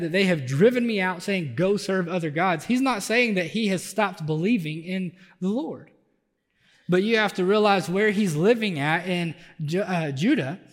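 In a large church sanctuary, a high-voiced male pastor preaches a conversational sermon, building up intensity on his emphatic points.

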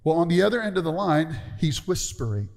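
A man's voice: on the high side, very animated, brisk, a little mellow. A middle-aged man preaching a conversational sermon and calling out for amens from the congregation. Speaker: pastor. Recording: long hall reverb.

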